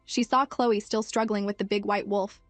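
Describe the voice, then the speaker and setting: A woman reading a scripted story recap as narrator, in a steady storytelling manner. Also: mid-range voice, moderate pace, no room sound. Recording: dry close mic with faint music.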